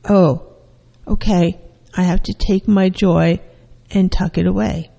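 Hurt little child, soft and resigned, voiced by a therapist; slow, with long reverb. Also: medium pitch, steady tone, gravelly. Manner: soft, resigned, self-talk. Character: hurt young child giving in to a parent.

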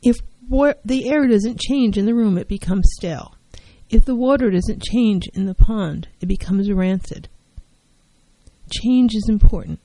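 A woman's voice: mid-range voice, measured pace, mellow, rough recording. A woman therapist giving an earnest self-help talk on mental health, driving her points home by repeating key phrases.

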